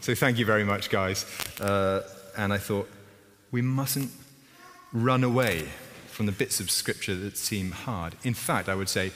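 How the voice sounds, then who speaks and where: Low-voiced pastor preaching in a hall. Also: male voice, unhurried, slight background noise. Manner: conversational preaching, lively emphasis and self-deprecating asides. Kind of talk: sermon. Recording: reverberant hall with faint ambience.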